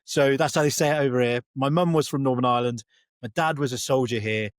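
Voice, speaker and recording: Quick-paced and mid-range, with no echo, this man from England chats as a veteran guest in a casual interview. He rambles, frequently self-corrects, and keeps starting his sentences over.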